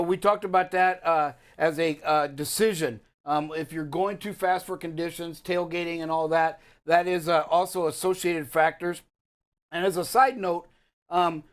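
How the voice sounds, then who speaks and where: Guy on a live trucking show, bit high voice, rambles with lots of uhs. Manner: loose, rambling, many fillers. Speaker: safety segment host. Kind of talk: casual live talk show.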